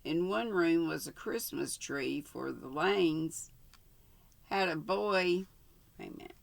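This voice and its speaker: Older woman host, casual story reader, gravelly, unhurried, self-correcting. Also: low voice, lively intonation. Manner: unhurried, stops to correct herself. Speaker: channel host reading a story. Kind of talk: casual story read-aloud.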